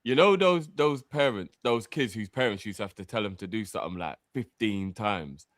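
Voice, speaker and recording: A young man with a mid-pitched voice that rises and falls a lot as he jokes and teases. His talk is slangy and full of tag questions, recorded close and dry. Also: animated, moderate pace, fairly bright tone, no echo. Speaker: fan podcast co-host. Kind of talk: casual football banter.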